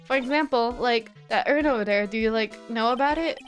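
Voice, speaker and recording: A woman's voice: fairly high pitch, fairly quick, close to an everyday voice. A woman voicing a flippant valley-girl young woman who fills every phrase with "like", over faint game music. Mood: breezy.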